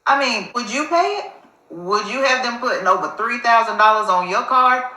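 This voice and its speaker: A woman commentator weighs in with emphatic, opinionated remarks. Her pitch swings widely and her tone is bright and pointed. The room sounds echoey. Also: expressive, normal speed. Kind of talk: reaction commentary.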